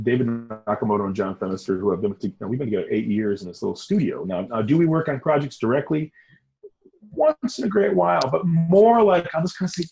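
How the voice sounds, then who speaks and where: A middle-aged man talking as an interview guest, energetic and emphatic, rushing through stories and circling back. His voice sits at an ordinary middle pitch for a man. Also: gravelly, dull audio, a little hiss or hum. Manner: animated, rambling, emphatic storyteller. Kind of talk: casual interview talk.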